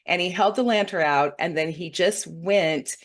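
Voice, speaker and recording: Hosting her own weekly reading show, a woman who works as an intuitive reader speaks at a moderate pace in a fairly low voice. She earnestly recounts a meditation vision to viewers, meandering and heartfelt, openly moved, often checking in with "okay?" and "right?".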